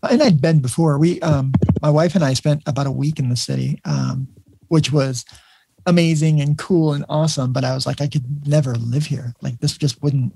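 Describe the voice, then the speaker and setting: A man's voice: fairly high pitch, fairly even intonation, moderate pace, creaky, mellow, a little hiss or hum. A man hosting a podcast, telling stories in a casual, rambling way with many restarts. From New Mexico. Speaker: podcast host, emergency nurse. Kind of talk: casual storytelling chat.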